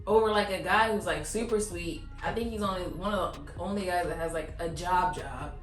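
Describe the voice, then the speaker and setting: A lowish-voiced woman co-hosts a podcast, talking briskly in casual chat that's blunt and sassy and packed with "like." The room sounds roomy, with faint music in the background.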